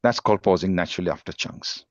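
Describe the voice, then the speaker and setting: A male teacher explains speaking techniques in a steady, instructive way, stressing single words when he demonstrates. His voice sits low, and the recording is dry and slightly dull. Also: fast talker, dry recording. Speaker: English language teacher, guest speaker. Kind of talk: live workshop lesson on speaking skills.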